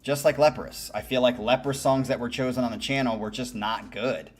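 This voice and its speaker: A man's voice: mid-range voice, fairly even intonation, brisk. A man hosting a music reaction channel, giving candid, musing commentary and swearing casually.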